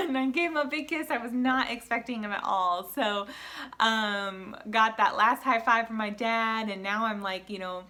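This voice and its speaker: A woman's voice: a little high, steady tone, moderate pace, sharp tone. An adult woman with a school-age daughter, recapping a race in a casual personal vlog, earnest and emotional, with many fillers as she tells her story. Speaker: vlogger.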